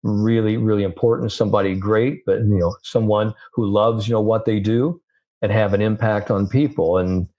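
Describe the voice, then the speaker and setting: An older man with a fairly low voice talks through his stories in an easy, conversational way. He quotes the people in his anecdotes as he goes, the way a sports psychologist explains ideas on a podcast. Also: moderate pace. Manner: storytelling, animated with anecdotes and quotes.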